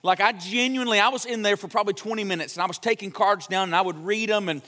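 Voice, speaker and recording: A man's voice: sits high, quick pace, bright, forceful tone. A young man preaching a sermon in a church, a chatty storyteller who jokes with the congregation. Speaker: pastor. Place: church sanctuary. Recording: long church hall reverb.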